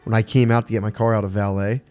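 A man's voice: fairly low pitch, flat delivery, fast, darkish tone, faint music behind. A man co-hosting a podcast, telling a crude story in a laid-back, slangy way and laughing often. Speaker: podcast co-host.

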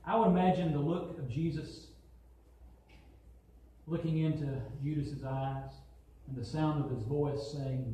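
A man's voice: medium pitch, a little slow, mellow, slight background noise. A man preaching a sermon as pastor, building emphasis and acting out quotes. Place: church sanctuary. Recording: very echoey hall, from far off.

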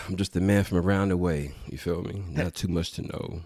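A man's voice: low voice, normal speed, a little mellow, no echo, studio quality. A man from Dallas, a podcast guest talking in a laid-back, reflective way. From Dallas, Texas. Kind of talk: casual podcast conversation.

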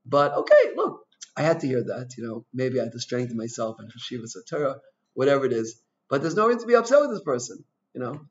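A man's voice: medium pitch, sing-song, fast talker. Man, rabbi, informal Torah lecture, mid-range voice, lots of "you know" and "like", muffled lo-fi sound. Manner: chatty, full of "you know" and "like", tells personal stories; asks the audience questions. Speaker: rabbi teaching a Torah class. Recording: dull lo-fi recording.

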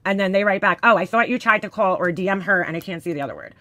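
A woman's voice: medium pitch, quick pace, a bit bright, dry recording. A woman hosting a casual drama commentary, reading screenshots of texts aloud with blunt, profane, sarcastic asides.

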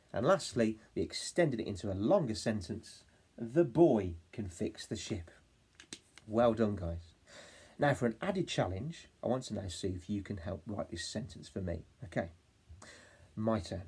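Lively, encouraging male phonics teacher. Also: lowish voice, husky. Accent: English. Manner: lively, encouraging, sounds out words slowly. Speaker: reception class teacher. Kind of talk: phonics lesson for young children.

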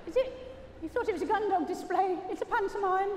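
High-voiced British woman over an arena PA. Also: fast, a little hiss or hum. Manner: jokey and chatty, praising dogs between explanations. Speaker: gundog trainer giving a live arena demonstration. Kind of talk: live commentary over a loudspeaker. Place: large indoor arena. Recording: echoey arena PA from far off.

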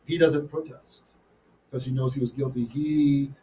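A man's voice: medium pitch, fairly even intonation, moderate pace, dark tone, recorded from a distance, lo-fi sound, slight background noise. A man teaching a live online Bible lesson, reading Hebrew verses and translating them line by line, often checking in with "right?". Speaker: Torah teacher.

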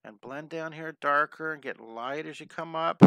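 A middle-aged man leads a drawing lesson with bright, crisp energy. He encourages his young viewers and drifts into cheerful stories. The sound is dry and close to the mic. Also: on the high side, normal speed, no echo. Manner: enthusiastic and encouraging, chatty asides. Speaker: drawing teacher. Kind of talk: live drawing lesson with storytelling.

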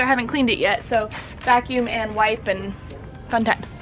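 A woman's voice: a little high, brisk, bright, forceful tone, slight background noise. A young woman vlogging in a casual, chatty way, laughing often and a little out of breath. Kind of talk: casual chat to camera.

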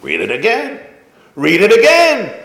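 A man acting out a stern male teacher who loudly taunts a young boy in class. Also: huge pitch swings, a little slow, creaky, roomy sound, heavily acted. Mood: taunting. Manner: loud, shrill, taunting.

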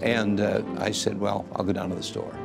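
A man's voice: on the low side, level tone, moderate pace, creaky. A man in his eighties, a guest earnestly telling his life story and acting out the voices he quotes. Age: 80s. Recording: music playing under the voice. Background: soft music.

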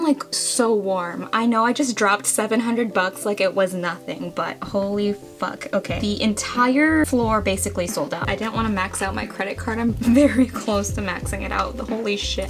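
A young woman narrating live at her computer at home, anxious and excitable, counting aloud and swearing. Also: mid-range voice. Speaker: vlogger. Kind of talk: casual live commentary.

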